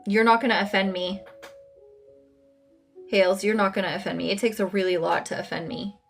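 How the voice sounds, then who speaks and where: A woman hosts a casual live coaching session, speaking straight to her viewers. She is blunt and swears freely, in a middle-pitched voice with soft music playing faintly behind her. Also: fairly even intonation, a little fast, gravelly.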